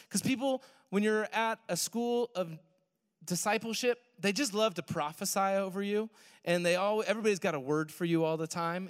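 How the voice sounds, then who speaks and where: A young man telling a personal story in a sermon, animated, swinging from loud to hushed. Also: medium pitch. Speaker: worship pastor. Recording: long hall reverb.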